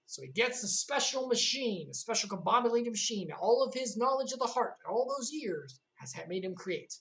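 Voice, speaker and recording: A woman's voice: fairly high pitch, lively intonation, a little fast, hardly any pauses, a bit bright, low-quality recording. A young woman casually recapping a video game story on a livestream, with sarcastic, joking asides.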